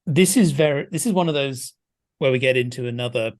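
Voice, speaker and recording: A man's voice: medium pitch, brisk. A man guest discussing a film in a casual podcast chat, thoughtful and hesitant with frequent restarts.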